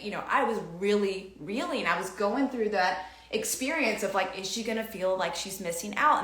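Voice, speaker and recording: A middle-aged woman host telling a family story in a casual, animated way, acting out quoted dialogue. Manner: animated, acts out quoted dialogue with big pitch jumps. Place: home room. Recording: echoey room.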